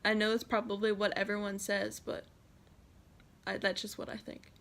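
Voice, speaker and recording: A woman's voice: mid-range voice, little pitch movement, moderate pace, fairly bright tone. A teenage girl with an American accent reads questions aloud and answers each one in a casual vlog. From United States. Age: teens. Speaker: vlogger. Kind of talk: casual Q&A tag video.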